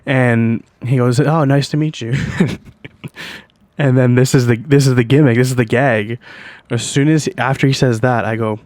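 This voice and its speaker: A man's voice: mid-range voice, fairly even intonation, normal speed, a little mellow, dry recording. A young Canadian man hosting a podcast, telling a story in a loose, profane way with constant "like" and "you know what I mean". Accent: Canadian English. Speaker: podcast host. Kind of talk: casual storytelling monologue.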